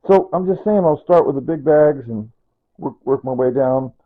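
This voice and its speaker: A man's voice: medium pitch, moderate pace, phone-quality sound. A man chatting loosely while cooking in his home kitchen, rambling and repeating himself as he explains each step. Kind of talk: unscripted cooking video chat.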